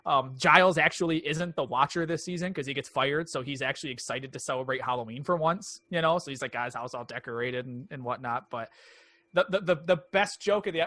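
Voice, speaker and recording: A man co-hosting a movie podcast, retelling a TV episode in casual, animated chat. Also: mid-range voice, a little fast, dry recording. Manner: animated storytelling, acting out quoted lines. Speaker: podcast co-host.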